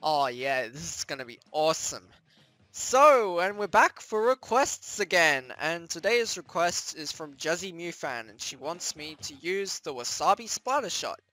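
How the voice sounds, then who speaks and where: Excitable young gamer with a lively, shrieking voice. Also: mid-range voice, a little slow, no room sound. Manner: excitable, shrieks and screams at in-game scares; rambling, self-mocking asides. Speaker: gaming channel host. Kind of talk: let's play commentary.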